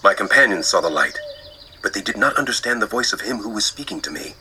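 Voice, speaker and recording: The apostle Paul in a dramatized Bible reading, an earnest middle-aged man who testifies in a measured, solemn way. His voice sits fairly low, yet its tone is strikingly bright and forward. A little outdoor ambience stays faintly in the background. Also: animated, a little hiss or hum, rough recording.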